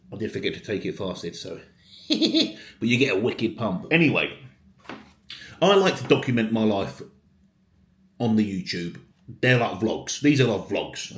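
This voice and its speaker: Blunt sweary bodybuilder vlogging. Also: male voice, medium pitch. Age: around 30. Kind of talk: casual vlog talk to camera. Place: home, indoors. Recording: echoey room.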